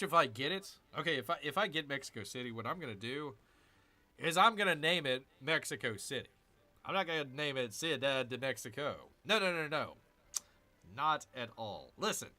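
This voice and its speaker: Gaming host, man: lively, jokey grumbler, tense bright voice, faint game music behind. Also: on the high side, moderate pace. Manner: jokey, grumbling, mock growls. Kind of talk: casual strategy game commentary.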